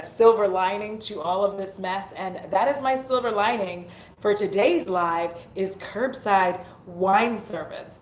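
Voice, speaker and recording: A woman's voice: medium pitch, a little hiss or hum. A young adult woman chatting casually on her livestream, giggling, mocking herself and swearing freely. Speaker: beauty YouTuber hosting a livestream. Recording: roomy echo.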